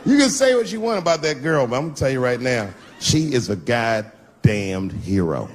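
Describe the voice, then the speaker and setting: A middle-aged man doing a live stand-up routine, punchy and profane, swinging between loud bursts and low asides. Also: sing-song, moderate pace. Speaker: stand-up comedian. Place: comedy stage before a live crowd. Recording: noisy live stage recording with audience.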